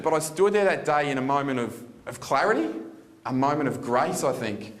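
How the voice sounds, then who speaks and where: A man's voice: medium pitch, expressive, moderate pace, fairly bright tone. A man giving an earnest personal testimony at a live conference, searching for words and restarting sentences. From Australia. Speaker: seminar speaker.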